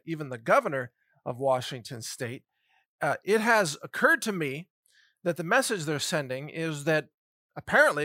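A man's voice: a little high, sharp tone, dry recording, clean studio sound. A man delivering a solo commentary monologue in a sarcastic tone, firing off rhetorical questions and chuckling at his own points.

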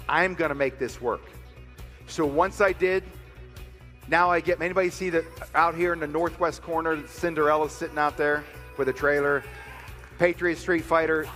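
A man telling a personal story to a crowd in a motivational speech, growing fiery and shouting by the end. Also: a little high, fairly even intonation, moderate pace, long reverb tail, soft background music. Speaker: speaker at a rally.

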